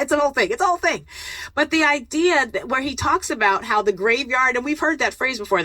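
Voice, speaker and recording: Woman, middle-aged, host, reflective and self-deprecating, bright voice, dry close sound. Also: on the high side, dry recording. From United States. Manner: thoughtful, self-deprecating, with restarts and laughs. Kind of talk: reflective motivational talk.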